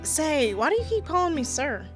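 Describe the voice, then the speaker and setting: A tough tomboy outlaw from a visual novel, wry and teasing, drawling her lines with cowboy swagger, as a woman reads her aloud. Her voice is on the high side, with soft music behind. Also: big pitch swings, moderate pace. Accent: put-on Southern US drawl.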